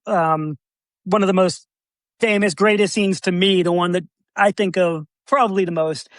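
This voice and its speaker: Laughing, animated man on a podcast. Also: high voice, moderate pace, dry recording. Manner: laughs often and acts out quotes in animated voices. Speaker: podcast co-host. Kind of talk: casual movie podcast chat.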